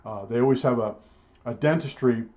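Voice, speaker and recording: A man's voice: mid-range voice, brisk, dark tone. Blunt older man ranting on a dull recording. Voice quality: blunt, grumbling, repeats himself with frequent restarts. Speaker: electronics repairman vlogger. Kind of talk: rambling storytelling rant.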